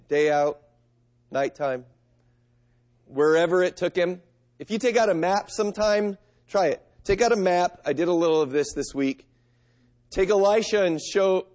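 A middle-aged man delivers a sermon in an earnest, conversational manner. His voice sits somewhat high for a man, and he moves easily between reading scripture and talking plainly to the congregation. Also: a little mellow. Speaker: pastor.

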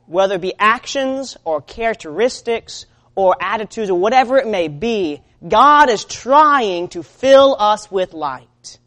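A woman preaching a sermon in an earnest way. She moves between loud urging and quiet, low-spoken lines. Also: expressive, a little slow.

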